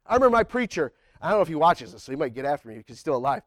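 A man delivers a sermon to a church congregation, talking to them plainly and colloquially. His voice sits high for a man and the recording is dry and close. When he acts out a prayer, he climbs up toward a near-shout. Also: sing-song, racing, few pauses, dry recording. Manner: colloquial, says y'all and man. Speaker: preacher. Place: church sanctuary.

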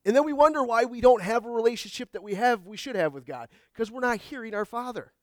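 High-voiced man preaching in a dry room. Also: expressive, quick pace, no echo. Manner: conversational preaching with homey jokes and acted asides. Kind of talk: sermon.

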